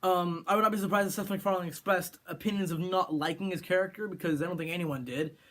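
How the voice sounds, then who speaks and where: A man's voice: sits high, fairly even intonation, quick pace, fairly bright tone. A man from California giving an opinionated movie review rant, sarcastic and rambling with frequent restarts. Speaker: film reviewer.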